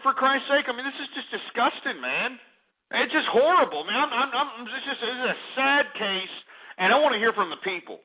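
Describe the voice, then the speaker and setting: A man hosting a talk radio show, ranting angrily and profanely with sarcastic asides. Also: sits high. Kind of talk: call-in talk radio rant. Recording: tinny phone-like radio audio.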